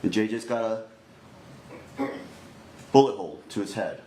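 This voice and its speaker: A male prosecutor delivering a deliberate opening statement to a jury, repeatedly addressing the jurors directly. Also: lowish voice, lively intonation, mellow. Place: courtroom. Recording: echoey courtroom recording, faint noise.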